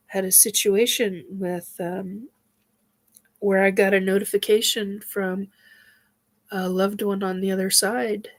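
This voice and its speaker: A woman hosting a casual spiritual chat, talking in a halting way with many fillers and sighs, her nose stuffed up from crying. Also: mid-range voice. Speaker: host.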